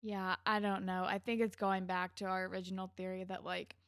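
A woman co-hosting a podcast, chatting in a relaxed, rambling way and laughing often as she recaps a TV episode. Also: medium pitch, fairly quick, no room sound, clean studio sound. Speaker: podcast co-host. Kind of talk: casual chat recapping a TV episode.

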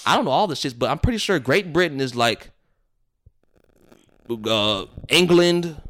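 A young adult man telling stories in a profane, animated way while co-hosting a casual podcast chat. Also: on the high side, measured pace. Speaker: podcast co-host.

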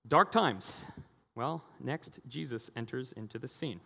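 A man preaching a lively, conversational sermon as a pastor, often acting out the voices of the people he describes. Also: medium pitch, moderate pace, creaky. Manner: animated, acting out quoted voices. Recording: long hall reverb.

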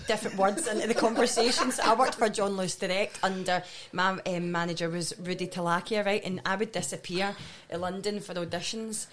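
A Scottish woman telling cheeky stories as a guest on a casual podcast, animated and sweary. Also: medium pitch, brisk, a crowd in the background. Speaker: guest comedy actress.

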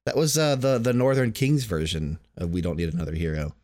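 Low-voiced chatty man hosting a podcast. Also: little pitch movement, brisk, a little mellow, no room sound, studio quality. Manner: chatty, rambling with restarts. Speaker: podcast host. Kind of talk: casual gaming podcast chat.

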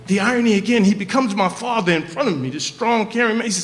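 A man telling a profane, comic story on stage at a live show, in an animated way. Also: high voice, a little fast, slight background noise. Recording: echoey live venue.

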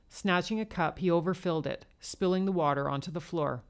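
A woman narrating an adult short story in the first person, in a cool, measured reading. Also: lowish voice.

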